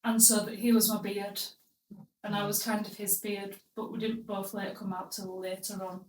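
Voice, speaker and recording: In a casual storytelling chat, this young podcast host delivers her tale in a crude, blunt, funny way. Her voice is medium-pitched, level, a little mellow and moderately paced, recorded from a distance with slight background noise and some room echo from sitting back off the mic.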